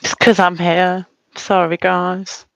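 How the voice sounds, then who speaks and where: A woman's voice: fairly low pitch, level tone, slow pace, gravelly, fairly bright tone, highs cut off. A woman co-hosting a live art stream with playful, teasing asides in casual chat. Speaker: co-host.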